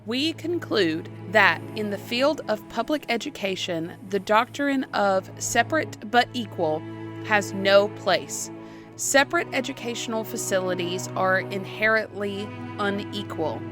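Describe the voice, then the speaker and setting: A woman voicing a stately male chief justice, reading a court ruling slowly and formally in a podcast skit. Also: medium pitch, lively intonation, over music, close to an everyday voice. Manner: slow, formal legal reading.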